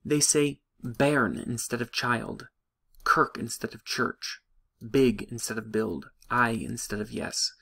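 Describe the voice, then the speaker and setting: A man giving a recorded psychology lecture, explaining things in a measured way. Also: mid-range voice, gravelly, a bit bright.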